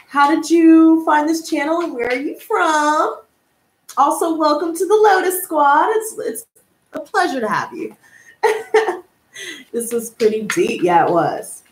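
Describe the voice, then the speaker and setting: A woman hosting a live tarot stream, reading out viewer comments and answering them in a gushing, excitable way that breaks into laughter. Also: sits high. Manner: excitable, gushing, calls viewers girl and honey, bursts of laughter. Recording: echoey room with faint noise.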